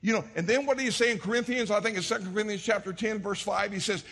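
A middle-aged man preaching in a church sanctuary with a bright, husky voice pitched a little high. He tells stories, drops to a hush, then builds up to shouts. The hall gives his voice a long reverb. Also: quick pace, hardly any pauses. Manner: storytelling preacher, swings from hushed to shouting. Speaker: pastor. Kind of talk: sermon.

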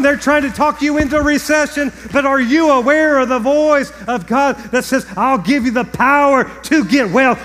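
A man preaching a sermon as pastor, building to a fervent, shouted rise with stammered repeats. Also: extremely high pitch, in a large hall. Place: large church hall.

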